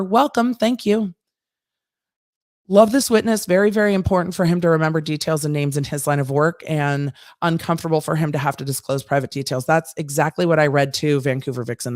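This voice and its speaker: An American woman, a former trial lawyer, hosting a live-stream and chatting through viewer comments with quick asides. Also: low voice, no room sound, studio quality. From United States.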